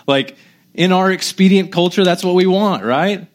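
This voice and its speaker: Animated, chatty male preacher. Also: high-pitched, moderate pace. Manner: conversational, animated, self-deprecating, with frequent restarts. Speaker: pastor. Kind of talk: sermon.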